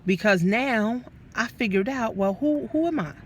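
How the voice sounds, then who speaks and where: Brief: woman business coach, lively and profane, motivational talk to camera. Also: on the high side, normal speed, slight background noise. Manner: animated and profane, addresses listeners as guys.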